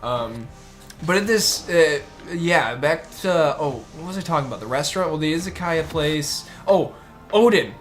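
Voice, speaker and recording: A man's voice: fairly high pitch, lively intonation, moderate pace, soft background music. A man from the United States chatting casually on a stream, rambling and restarting often. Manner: rambling, with many fillers and restarts. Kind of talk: casual chat.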